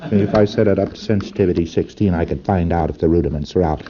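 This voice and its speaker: Male lecturer, low and dark, folksy and emphatic with rhetorical asides, muffled old tape sound. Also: quick pace. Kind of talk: lecture to trainees.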